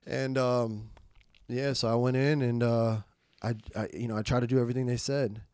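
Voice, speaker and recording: A young adult man, a podcast guest, tells his recovery story candidly in conversation, emphatic and full of swearing street slang, repeating words and quoting himself. His mid-range voice is slightly mellow and smooth, with little pitch movement and a normal speed. The studio sound is clean, with no echo.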